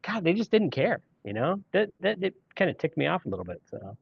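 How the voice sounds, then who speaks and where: A man's voice: high voice, very animated, fairly quick, vocal fry, husky, no echo. A man hosting a podcast, telling casual stories in a rambling way with restarts. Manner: rambling storyteller with frequent restarts. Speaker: podcast host. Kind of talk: casual chat. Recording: dry, dull lo-fi sound.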